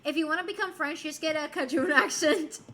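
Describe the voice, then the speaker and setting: A woman from Puerto Rico streams and chats casually with viewers, reading their messages in a high, bright, forceful voice at a brisk clip. Playful and giggly, she drops in Spanish and French phrases.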